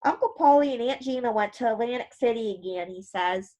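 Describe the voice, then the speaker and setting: A man's voice: extremely high pitch, brisk, darkish tone. A woman reading as a sly boy cousin. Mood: offhand.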